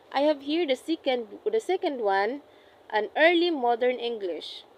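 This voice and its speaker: A young woman, a student, reading a class report aloud, carefully and deliberately, often correcting herself mid-phrase. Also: on the high side, a little mellow, slight background noise, poor audio. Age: young adult. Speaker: student presenting an assessment.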